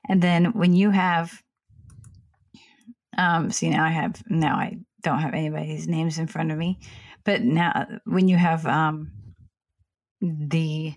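A woman's voice: sits low, fairly even intonation, takes it slowly, long pauses. A woman co-hosting a casual chat, opinionated and apologetic, rambling with restarts and asides. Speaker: podcast co-host.

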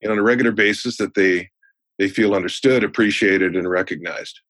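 Older guy with a low husky voice, animated storyteller, dry close sound, sales trainer on a podcast. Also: brisk, no room sound. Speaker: guest, sales trainer and speaker.

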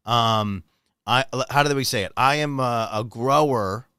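A man hosting a casual chat, playful and quick to laugh. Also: medium pitch, clear, resonant tone, no room sound, studio quality. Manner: animated, playful, laughs often. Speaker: podcast host.

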